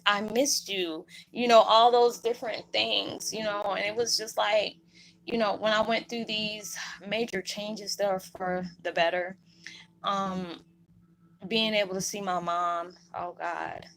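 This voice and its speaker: Unhurried and fairly even in intonation, a woman's mid-range, fairly bright voice comes through a low-quality recording. As a spiritual vlogger, she speaks to her viewers in a rambling, heartfelt way, emotional and holding back tears.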